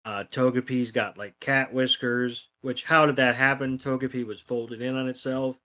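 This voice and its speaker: Dude on a podcast retelling a cartoon, lots of uhs and ums, swears casually, regular middle voice. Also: male voice, mid-range voice, steady tone, normal speed, bright, forceful tone. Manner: rambling, many fillers, swears casually. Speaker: podcast co-host. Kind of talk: casual chat recapping an episode.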